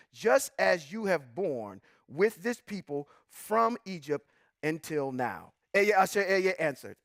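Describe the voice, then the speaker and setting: A man teaching scripture in a sermon style, reading verses slowly and then preaching with rising emphasis, asking the audience questions. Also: high voice, a bit bright, no echo, clean studio sound. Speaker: Bible teacher.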